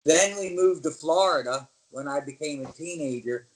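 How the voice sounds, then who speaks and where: Animated middle-aged man telling wrestling stories. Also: a little high, normal speed, poor audio. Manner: animated storyteller, acts out quoted voices. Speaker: guest, former pro wrestler. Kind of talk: casual storytelling interview.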